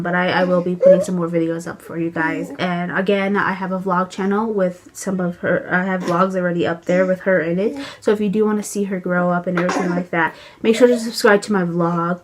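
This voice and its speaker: A young woman and new mother talking casually to camera at home while feeding her baby, chatty and full of filler words. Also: lowish voice.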